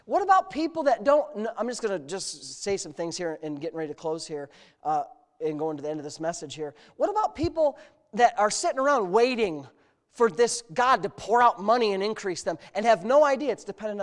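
A man preaching a sermon as pastor, moving between quiet storytelling asides and loud, fervent exclamations. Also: sits high, big pitch swings, brisk. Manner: storytelling with humor.

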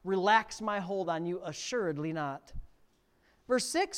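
A man's voice: high-pitched, animated, a little slow, clean tone. Male pastor preaching with big surges. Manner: preaching with sudden loud rises to near shouting. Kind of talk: sermon.

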